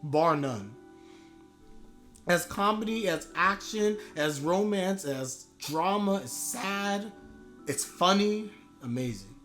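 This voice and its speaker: A man streaming a live manga reaction, rambling and gushing with excitement. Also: high voice, slow, faint music behind.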